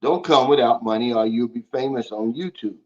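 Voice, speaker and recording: A man's voice: medium pitch, fairly quick, highs cut off. A man hosting a livestream, talking bluntly and preachily while reading out and answering viewer comments. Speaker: livestream host. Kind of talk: casual livestream talk.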